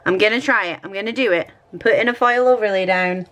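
A woman's voice: medium pitch, fast talker, a bit bright, a little hiss or hum. A Scottish woman vlogging at home, chatting and thinking aloud while she decorates her planner, often poking fun at herself.

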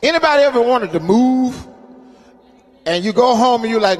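High-voiced man in his fifties preaching. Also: animated, moderate pace, long pauses. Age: 50s. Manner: call-and-response preaching, coaxing the congregation; swings between soft asides and loud, chanting scripture reading. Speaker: guest preacher. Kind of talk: sermon at a homegoing service. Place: funeral home chapel. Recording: long hall reverb in a chapel.

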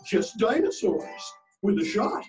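Male reader as kind storybook nurse, lively high voice, distant mic. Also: slow, faint music behind, exaggerated voice. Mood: friendly. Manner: kind, explaining. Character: friendly clinic nurse, adult woman.

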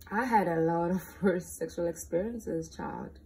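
A woman's voice: fairly low pitch, unhurried, darkish tone, slight background noise. A young woman in her late teens with a South African accent, chatting candidly and playfully in a casual question-and-answer vlog. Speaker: vlogger.

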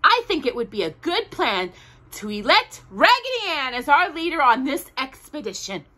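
An earnest little toy doll from a storybook, put on by a woman reading aloud. The voice sits a bit high and bright, rising and falling with lively pitch. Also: normal speed, exaggerated voice.

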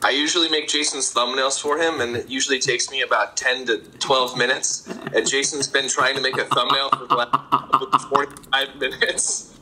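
A man's voice: mid-range voice, steady tone, normal speed, sharp tone, a little hiss or hum, rough recording. A man, a producer, bantering casually in a teasing, sarcastic way.

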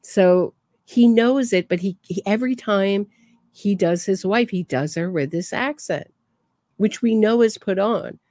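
A woman's voice: mid-range voice, unhurried, dark tone, no room sound. A woman giving casual true crime commentary, chatty and laughing between remarks.

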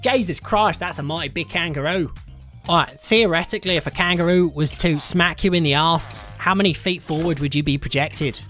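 A British man hosting a casual gaming session, loud and joking, often laughing and playing with mock slang. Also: fairly high pitch, fairly quick, faint music behind. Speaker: gaming YouTuber host.

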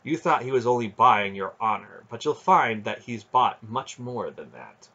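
A man's voice: medium pitch, normal speed, husky, highs cut off, exaggerated voice. A man doing a cold, commanding sorceress. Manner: cool, flat and commanding. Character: stern powerful sorceress, cool and commanding.

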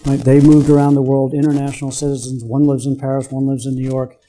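An older man lectures in a very dark, mellow voice. He tells stories from his career in an easy way and stops to put questions to the room. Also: medium pitch, little pitch movement, fast talker, slight background noise. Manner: anecdotal, quizzes the audience. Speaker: guest speaker, business executive. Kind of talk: storytelling lecture to students.

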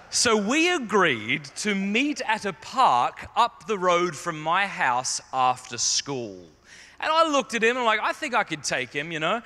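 A man's voice: high voice, bright, forceful tone. A man telling a humorous, self-deprecating story as a speaker to a youth audience in a large conference hall. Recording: long hall reverb.

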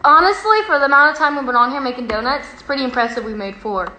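A woman's voice: fairly high pitch, rapid-fire, bright, forceful tone, reverberant, a little hiss or hum, rough recording. A young woman hosting a casual livestream from a home kitchen at a sleepover, playful and giggly. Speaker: livestream host.

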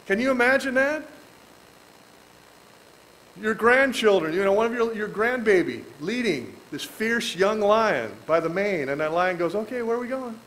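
High-voiced man teaching the Bible. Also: unhurried, a little hiss or hum, rough recording. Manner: folksy and animated, with joking asides and chuckles. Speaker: pastor. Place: church.

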